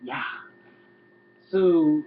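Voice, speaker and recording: A man's voice: a little high, fairly even intonation, drawn-out words. A man rants through a casual video review, rambling and exasperated and cursing freely. The sound is thin and tinny, like a phone line. A faint hum runs underneath. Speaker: wrestling reviewer.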